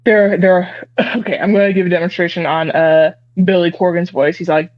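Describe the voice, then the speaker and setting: A guest on a casual interview show who talks haltingly and keeps restarting sentences. The audio comes through dull and lo-fi. It has a dry, close sound with no room around it. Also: mid-range voice, level tone, a little mellow, no echo. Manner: halting, hesitant, with many restarts.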